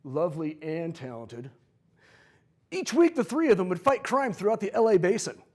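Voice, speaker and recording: A man in his forties who teaches history delivers a comedic vlog lesson, joking and playful as he tells the story. His voice sits high for a man and leaps about animatedly. The tone has a husky edge. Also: sing-song, quick pace, a little mellow.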